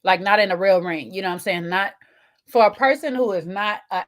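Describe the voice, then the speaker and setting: A woman's voice: mid-range voice, brisk. A woman, co-hosting a casual chat show, talking to viewers while eating, with teasing asides. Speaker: podcast co-host.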